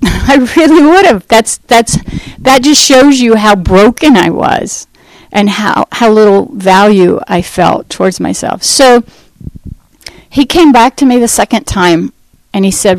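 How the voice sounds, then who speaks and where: A woman's voice: mid-range voice, unhurried, no room sound, low-quality recording. A woman giving a personal faith testimony, telling her story candidly and with feeling. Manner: candid, emotional storytelling with frequent laughs. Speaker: testimony speaker.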